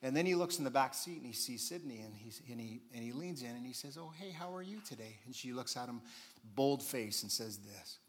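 A man's voice: mid-range voice, fairly quick, a little hiss or hum. A middle-aged man giving a sermon, telling a family story with chuckles and call-outs to the congregation.

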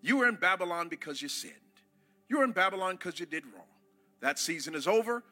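A man preaching a sermon to a church congregation, impassioned, rising to shouts and calling on the crowd to answer. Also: sits high, expressive, a little fast. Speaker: pastor.

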